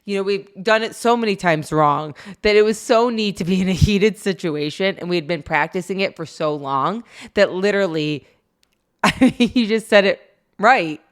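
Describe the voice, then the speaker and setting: A woman's voice: medium pitch, normal speed, clear, resonant tone. A woman co-hosting a parenting podcast, telling a family story in a casual, chatty way, often laughing and acting out what people said.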